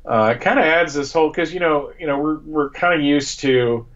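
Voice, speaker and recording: A man co-hosting a live fan chat, talking eagerly with quick restarts and repeated words. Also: a little high, fairly bright tone, lo-fi sound.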